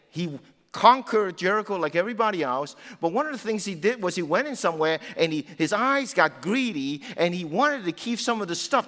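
A man's voice: high voice, very animated, a little fast, a bit bright. A man preaching a sermon in a conversational, emphatic way, often saying "you know" as he explains scripture. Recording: long hall reverb.

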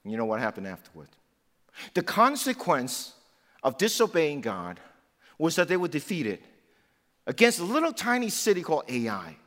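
A man's voice: on the high side, huge pitch swings, moderate pace, pauses often, fairly bright tone. A man preaching a sermon in a conversational, emphatic way, often saying "you know" as he explains scripture. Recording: long hall reverb.

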